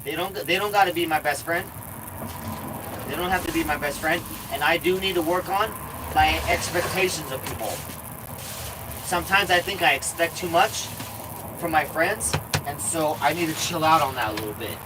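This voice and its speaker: A man's voice: fairly high pitch, moderate pace, background noise. Rambling, swearing man streaming from an RV. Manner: rambling, swears a lot, repeats himself. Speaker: live streamer. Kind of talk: casual live-stream chat. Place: inside an RV.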